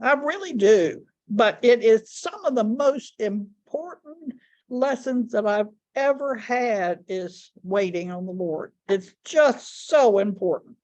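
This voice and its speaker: A woman teaching a Bible study lesson, speaking deliberately and repeating key words for emphasis. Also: a little high, animated, darkish tone, muffled recording.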